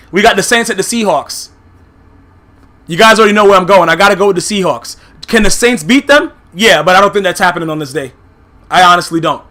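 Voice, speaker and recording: A man's voice: sits high, pushed and bright. A man giving a heated, profane recap of football games, blunt and full of filler phrases. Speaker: YouTube sports commentator.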